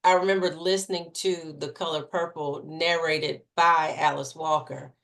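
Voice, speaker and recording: A woman with a low voice talks in a relaxed, conversational way. She is a book club member on a video call, chatting casually. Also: normal speed, creaky.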